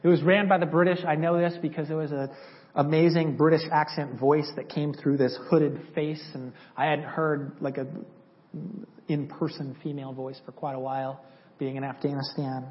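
A man's voice: fairly high pitch, little pitch movement, normal speed. A man sharing a personal testimony in a church, telling it conversationally and acting out the dialogue he remembers. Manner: conversational, acts out dialogue from memory. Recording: slightly dull lo-fi audio.

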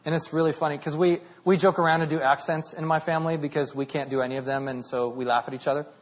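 A man in his thirties preaching a sermon as pastor, animated and rising to near shouting at his peaks. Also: on the high side, fast, muffled recording.

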